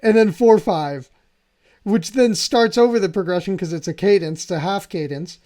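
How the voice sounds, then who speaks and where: A man's voice: high-pitched, moderate pace, warm tone. A man hosting a piano channel, walking through music theory with enthusiasm and often checking in with "right?". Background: faint piano playing.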